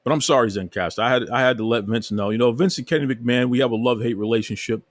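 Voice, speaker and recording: A man's voice: medium pitch, quick pace, no echo. A man hosting his own podcast, delivering a heated, preachy rant that keeps repeating its points. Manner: fired up, preachy, repeats himself. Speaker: podcast host.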